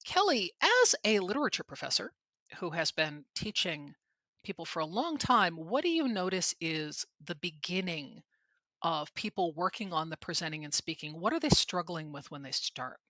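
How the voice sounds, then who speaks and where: A woman's voice: lowish voice, sing-song, moderate pace, pushed and bright, no echo. A middle-aged woman co-hosting a podcast about presenting, talking in a candid, emphatic, self-deprecating way. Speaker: podcast co-host and presentation trainer. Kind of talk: conversational podcast chat.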